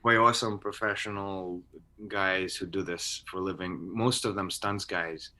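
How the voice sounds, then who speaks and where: A man's voice: low voice, fairly even intonation, moderate pace, sharp tone. A man chatting as an actor guest on a video-call interview, rambling with many restarts. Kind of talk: casual interview chat.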